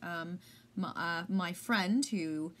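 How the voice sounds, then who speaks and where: A woman's voice: on the low side, takes it slowly, fairly bright tone, a little hiss or hum. A woman chatting casually in a home vlog, rambling and self-deprecating, with a squeamish streak. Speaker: vlogger. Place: home room.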